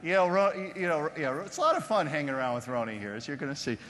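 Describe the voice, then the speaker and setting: A man's voice: a little high, animated, fast, fairly bright tone. A man hosting an onstage interview, jokey and loose, with lots of fillers. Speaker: host, interviewer. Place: conference stage before an audience. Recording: long hall reverb from stage.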